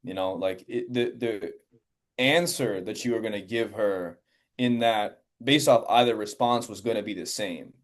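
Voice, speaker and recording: A man's voice: fairly low pitch, unhurried. A man hosting an interview in a casual, loose way, filling his questions with "like," "you know" and "man.". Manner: casual, filler-heavy, says "man" and "like" a lot. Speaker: podcast host. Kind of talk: interview conversation.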